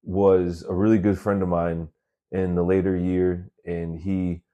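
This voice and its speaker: A man's voice: low-pitched, little pitch movement, a little slow, lo-fi sound. A man hosting his own podcast, telling stories from his work week in a laid-back, chatty way and swearing freely. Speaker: podcast host. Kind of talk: casual storytelling monologue. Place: working in New York City.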